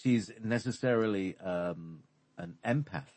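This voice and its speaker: Male spiritual teacher, low voice, hesitant and meandering, dry close sound. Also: darkish tone, husky, no echo. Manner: hesitant, halting, many fillers. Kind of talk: explanatory conversation.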